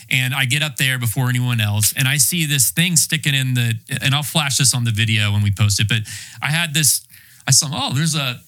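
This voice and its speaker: A young man from North Carolina hosts a casual golf podcast. His voice is bright and forward, and he tells stories with animated, excitable energy. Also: medium pitch. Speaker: podcast host. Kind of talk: casual storytelling.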